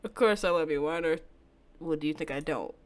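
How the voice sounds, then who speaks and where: Woman putting on a hushed obsessive boyfriend. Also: fairly quick, close to an everyday voice. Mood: menacing. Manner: low, hushed, coaxing delivery. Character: soft-spoken obsessive young male boyfriend, menacing. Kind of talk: reading game dialogue aloud.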